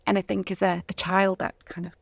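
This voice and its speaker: A woman from Zimbabwe with a mixed Southern African and British accent, chatting as an interview guest, laughing often and pausing with ums. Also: medium pitch, little pitch movement, creaky. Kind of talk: casual interview chat.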